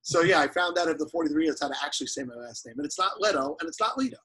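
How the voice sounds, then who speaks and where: A man's voice: fairly high pitch, racing, breathy edge, poor audio. A man in his forties from New York, a guest telling a story in casual podcast chat and acting out the quotes. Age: 40s. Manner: animated storyteller, acts out quotes.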